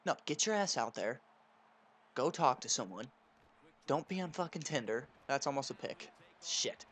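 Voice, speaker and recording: Over gameplay, a young gaming channel host tells crude, swear-filled stories in a casual rant. He sounds animated, with a medium-pitched, slightly bright voice and a moderate pace.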